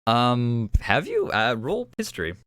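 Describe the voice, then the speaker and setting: A man's voice: medium pitch, wildly swooping pitch, measured pace, fairly bright tone, no echo, clean studio sound. A man running a tabletop game as game master, narrating in a rambling, hesitant way full of fillers.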